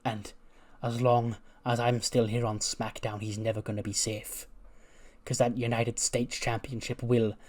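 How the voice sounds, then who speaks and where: A man doing a brooding, vengeful wrestler who drags out every word with cold menace. The villain speaks slowly and deliberately, as in a wrestling game story told by a player. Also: medium pitch, flat delivery, a little mellow, lightly acted. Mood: menacing. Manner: slow, deliberate, brooding delivery.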